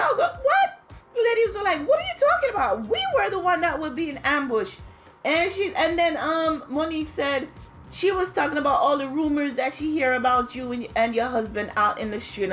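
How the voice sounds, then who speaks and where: At home in New York, a talkative woman with a fairly high voice gives a loose, gossipy recap of a reality show, mimicking the cast in high squeals. Faint, soft music plays in the background.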